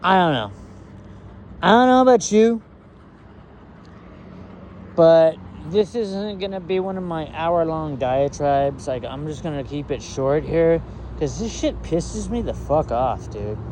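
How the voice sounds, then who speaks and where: A man's voice: fairly high pitch, lively intonation, unhurried, pauses often, a little mellow, a little hiss or hum. A man vlogging to camera in an angry, rambling rant, swearing heavily and sounding exasperated.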